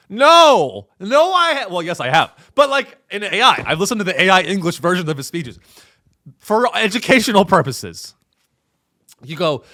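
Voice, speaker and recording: A young man hosting a comedy podcast, delivering a sarcastic monologue that swings between deadpan and exasperated. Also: high-pitched, normal speed.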